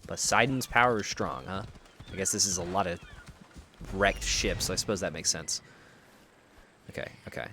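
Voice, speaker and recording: An American streamer with a deep voice talks at a moderate pace, leaving long pauses, against a noisy background. While gaming, he thinks aloud and chats with viewers, rambling, self-deprecating, and often restarting.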